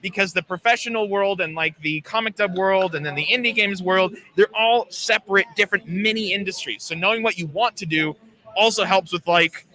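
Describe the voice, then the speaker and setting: Fairly quick and bright, this man's high voice carries a forceful quality. He works in voice acting and is relaxed and casual while being interviewed live at a gaming expo.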